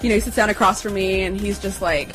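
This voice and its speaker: A woman's voice: mid-range voice, steady tone, quick pace, a bit bright, faint music behind. Chatty young woman telling a story. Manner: chatty, heavy on fillers, acts out quotes, swears. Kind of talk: casual personal storytelling.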